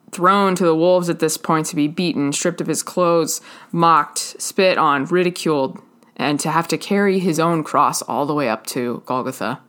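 A woman giving a sermon in a slow, halting, earnest way, pausing often between phrases. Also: low-pitched, a bit bright, smooth. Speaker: preacher.

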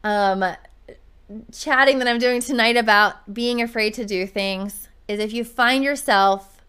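A woman's voice: on the high side, unhurried, sharp tone, smooth. A woman talking as a podcast host and running coach, chatting casually and telling a story in an upbeat way.

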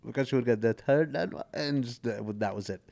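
A man in his forties, a stand-up comedian, chatting as a guest and telling loose, animated stories that he laughs through. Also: medium pitch, a little fast, creaky. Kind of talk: casual storytelling chat.

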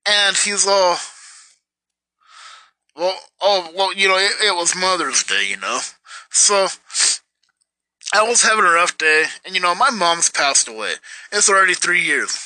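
Young man, rambling bitter rant, lively pitch, tense edge. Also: a little slow, pauses often, dry recording, low-quality recording. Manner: bitter, rambling with many fillers. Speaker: vlogger. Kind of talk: ranting personal story.

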